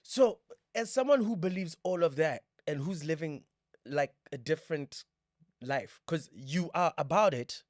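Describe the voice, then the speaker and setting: A man's voice: fairly high pitch, animated, a little slow, dry recording, clean studio sound. A South African man in his thirties hosting a casual podcast chat, playful and slangy, given to joking asides. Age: 30s. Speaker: podcast host.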